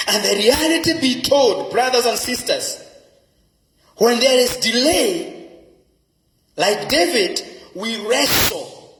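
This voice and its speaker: A man's voice: high-pitched, a bit bright. A man with a Kenyan accent preaching a sermon as pastor, emphatic and repeating key phrases for effect. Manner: emphatic preaching with dramatic repetition. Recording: echoey hall with long reverb.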